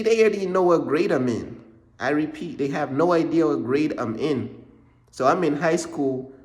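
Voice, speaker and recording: A man's voice: on the high side, darkish tone. A young man from Uganda telling a casual storytime in a slangy, repetitive way, dropping in "bro" all the time. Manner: slangy, repeats points, drops in "bro" often. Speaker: vlogger. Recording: roomy echo.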